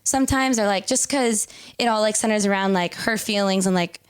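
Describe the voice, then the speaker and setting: A woman's voice: mid-range voice, a little fast, clear, resonant tone, dry recording, studio quality. A woman comedian talking as a podcast guest in casual chat, often quoting herself and others playfully.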